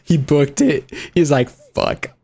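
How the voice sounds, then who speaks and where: A young man giving laid-back, laughing reaction commentary on stream, his voice sitting at an everyday middle pitch. He swears offhandedly and chats casually as he watches videos. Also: fairly even intonation, measured pace, darkish tone.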